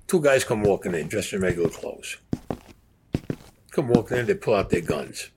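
A man's voice: fairly low pitch, lively intonation, normal speed, heavy background noise. An older man, telling a story in a blunt, profane, streetwise way. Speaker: interviewee.

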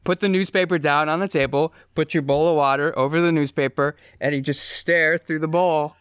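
A man co-hosting a podcast, explaining things in a relaxed, unhurried way and chuckling now and then. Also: a little high, smooth, no room sound, studio quality. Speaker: podcast co-host. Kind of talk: casual comedic chat.

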